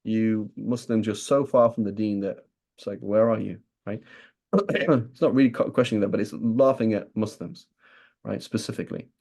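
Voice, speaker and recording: British male teacher, low mellow voice, chatty lesson style, keeps checking in with "right?". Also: moderate pace. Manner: keeps asking "right?", acts out imagined speakers. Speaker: religious teacher. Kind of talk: conversational lesson.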